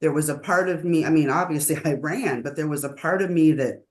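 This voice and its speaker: A woman in a meditation group who tells a story casually, animated and often laughing, with hesitant restarts. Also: low voice, a little fast. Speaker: sangha member. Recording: roomy echo.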